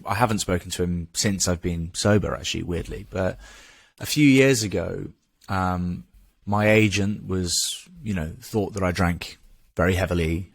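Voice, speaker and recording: A man's voice: sits low, no room sound. A man in his thirties with an English accent, a podcast guest telling a candid story in a frank, casual way, swearing and restarting as he goes.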